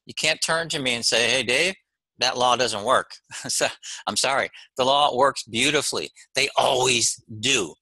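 A man's voice: mid-range voice, sharp tone, dry recording, poor audio. A man lecturing to camera as a golf mental-game coach, emphatic and friendly, hammering points home in short repeated phrases and often checking in with "okay?". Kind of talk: recorded course lecture to camera.

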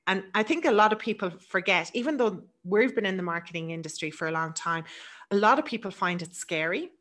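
A middle-aged woman with an Irish accent giving a quick, chatty business webinar presentation. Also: mid-range voice, lively intonation, a bit bright. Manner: fast, chatty, laughs easily.

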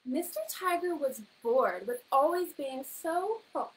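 Lively high-voiced woman reading to kids. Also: a little slow, few pauses, rough recording. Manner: animated, teacherly, asks children questions. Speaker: storyteller reading to children. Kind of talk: children's story time reading.

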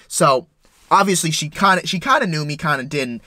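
A young man vlogging, retelling a story in an excitable, profane way with lots of stumbles and restarts. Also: on the high side, fast, no echo. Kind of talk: casual storytelling.

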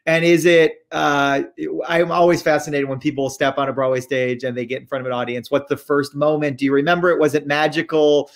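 A man's voice: on the high side, flat delivery, fairly quick, hardly any pauses. A man hosting a casual video interview, effusive and eager in his reactions. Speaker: host.

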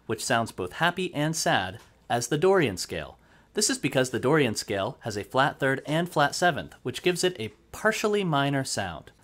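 A man's voice: mid-range voice, a bit bright. A man teaching accordion who explains methodically and counts beats aloud. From United States. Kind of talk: instructional music lesson. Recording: accordion playing throughout.

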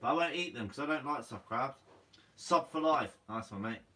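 Recorded roughly and from a distance, this young Guernseyman speaks in a mid-range voice that is animated, pushed and bright, at normal speed. Hosting a live Q&A for a fishing channel, he reads out comments with a relaxed, drowsy air, addressing everyone as "mate" in Guernsey English.

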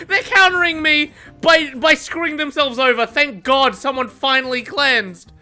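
A woman giving excitable gameplay commentary, swearing, laughing often and mocking herself. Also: high voice, unhurried, soft background music. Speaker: gaming content creator.

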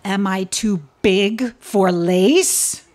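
A woman voicing a big demanding hippopotamus in a storybook reading, slow and emphatic. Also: medium pitch, darkish tone.

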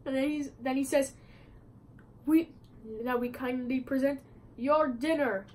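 Woman, high voice, casual vlog chat, rambling, lots of fillers, at a friend's house. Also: fairly even intonation, moderate pace, poor audio. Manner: rambling, many fillers and restarts. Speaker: movie review vlogger. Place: a friend's house, not her usual filming spot.

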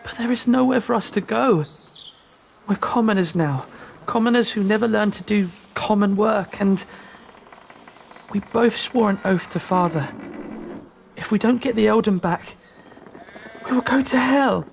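A man's voice: high-pitched, a little slow, creaky, long pauses, a little hiss or hum. A performer playing a worried teenage noble boy, the younger brother, who speaks in an anxious, doubtful way in a video game.

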